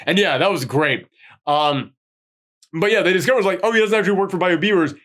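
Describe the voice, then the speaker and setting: A man's voice: sits high, fairly quick. Rambling man reviewing a movie. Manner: rambling, animated, acts out quotes in a gruff voice. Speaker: podcast host. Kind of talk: casual movie review chat.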